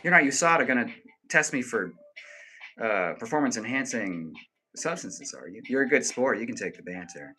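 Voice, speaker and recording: Male streamer, mid-pitched, casual, crude and jokey with his chat. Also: expressive, moderate pace, pushed and bright, slight background noise. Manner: joking, profane banter with viewers; reads viewer comments aloud. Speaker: live streamer.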